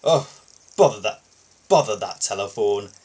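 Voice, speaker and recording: A man reading a storybook aloud and voicing a firm, blustering male railway boss, with a husky tone. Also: a little high, wildly swooping pitch, normal speed, exaggerated voice.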